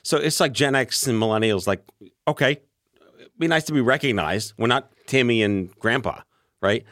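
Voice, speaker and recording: A man's voice: mid-range voice, normal speed, a bit bright, no room sound, studio quality. A man in his forties hosting a podcast, asking questions in a joking, playful way. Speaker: podcast host. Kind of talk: casual interview chat.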